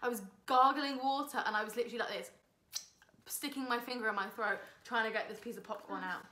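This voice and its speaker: A young woman with a bright, somewhat high voice, chatting and laughing as a vlog guest. Her voice carries a roomy echo. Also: fairly even intonation, fast. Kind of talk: casual chat.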